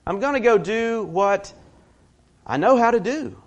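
A man's voice: sits high, expressive, a little slow, lo-fi sound. A man preaching a sermon in a conversational way, telling stories with personal asides.

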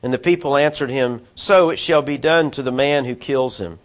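A man's voice: medium pitch, moderate pace. A man preaching through a Bible passage, reading verses and adding chatty asides to his listeners. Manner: conversational, asides to listeners, voices quoted figures. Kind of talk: expository Bible teaching.

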